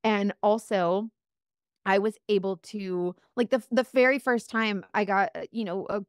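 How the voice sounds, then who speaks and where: A woman guest telling a faith-filled personal story in an earnest, animated way, often saying "like". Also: mid-range voice, measured pace, smooth, no echo, studio quality. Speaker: guest, makeup seller.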